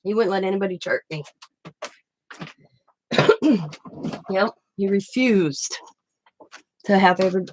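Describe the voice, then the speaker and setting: A woman's voice: medium pitch, takes it slowly, pauses often, a little mellow, a little hiss or hum. A middle-aged woman hosting a craft channel, chatting casually and rambling through stories while she works. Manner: rambling, storytelling with restarts.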